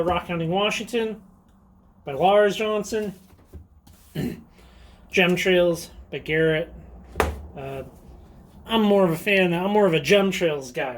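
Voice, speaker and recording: There's a little hiss or hum under this man's high voice as he hosts his rockhounding channel's casual show-and-tell vlog. His manner is enthusiastic and talkative, full of ums and little bursts of laughter.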